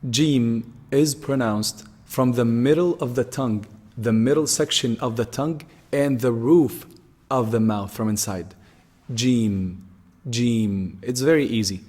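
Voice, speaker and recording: A man's voice: mid-range voice, measured pace, a little mellow, in a large hall. A man teaching how to pronounce letters, patiently repeating each sound several times as he explains it. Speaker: Quran teacher. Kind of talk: pronunciation lesson.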